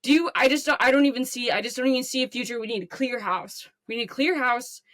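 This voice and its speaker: A woman's voice: a little high, quick pace, fairly bright tone, no echo, pitched above the performer's own voice, close to an everyday voice. A woman playing a furious fan calling in to a sports radio show, ranting and swearing.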